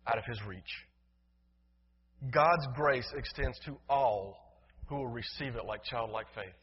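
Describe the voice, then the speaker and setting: Husky-voiced man preaching in a reverberant hall. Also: medium pitch, measured pace, long pauses. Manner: emphatic preaching, rising loud then dropping soft. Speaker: pastor. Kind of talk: sermon. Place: church sanctuary. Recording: dull, reverberant hall sound.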